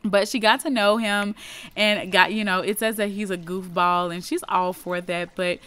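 A woman's voice: medium pitch, steady tone, normal speed, fairly bright tone, clear, resonant tone. A young woman giving casual, rambling commentary on a life-simulation game she is playing. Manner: chatty, rambling, many "like" fillers. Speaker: gameplay video creator. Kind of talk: casual let's play commentary.

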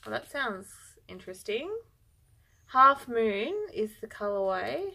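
A woman's voice: a little high, lively intonation, takes it slowly, gravelly, sharp tone. Bubbly, gushing woman unboxing yarn. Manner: bubbly, gushing, easily overexcited. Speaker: yarn vlogger. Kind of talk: casual unboxing chat.

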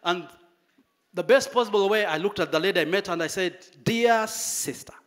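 A man preaching a sermon, telling a story with dramatic pauses and lively emphasis. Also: high-pitched.

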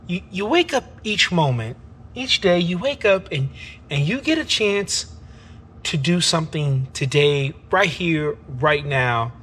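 A man's voice: fairly high pitch, expressive, a little slow, breathy edge. A man talking to camera in a reflective personal vlog, earnest and emphatic, using casual slang. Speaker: vlogger. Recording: music playing loudly behind the voice. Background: background music.

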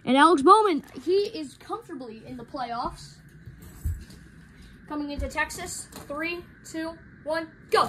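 Woman race caller, very high voice, hurried hobby commentary with excited shouts at the line. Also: background noise. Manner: excitable, rushed, rising to shouts at finishes.

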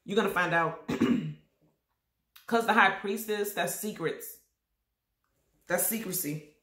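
A woman giving a casual tarot reading to her viewers, talking emphatically and repeating herself, and she keeps coughing and clearing her throat. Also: on the low side, takes it slowly, a bit bright, roomy sound. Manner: repetitive, emphatic, addresses viewers directly. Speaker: tarot reader.

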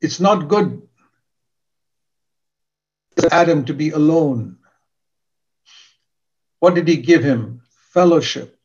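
A man's voice: fairly high pitch, takes it slowly, pauses often, darkish tone, highs cut off. An older man preaching a sermon in an earnest, emphatic way, repeating key words for stress.

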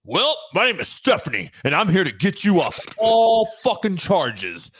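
A man voicing a brash, pumped-up woman public defender who shouts a loud pep talk. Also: high-pitched, wildly swooping pitch, moderate pace, slight background noise, voice pushed down, heavily acted. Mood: hyped.

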